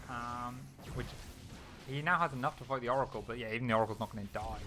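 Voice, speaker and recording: Excitable young man casting a live game. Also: medium pitch, background noise. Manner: excitable, quick reactions, frequent laughs. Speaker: esports caster. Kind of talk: solo live game commentary.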